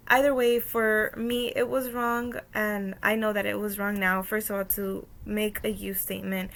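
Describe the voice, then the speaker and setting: A young woman talks through a story from her job in a relaxed, casual way, full of "um" and "like". Her mid-pitched voice has a gravelly, creaky edge. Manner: many "um" fillers and "like", storytelling with quoted dialogue. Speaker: student presenting a course activity. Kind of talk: casual spoken reflection.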